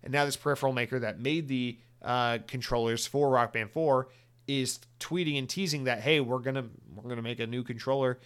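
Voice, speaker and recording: In a smooth, slightly bright mid-range voice that stays steady and moves a little fast, a podcast host runs his solo gaming show from home. He rambles through news into an outro rant, sarcastically mock-ranting at listeners and cursing freely.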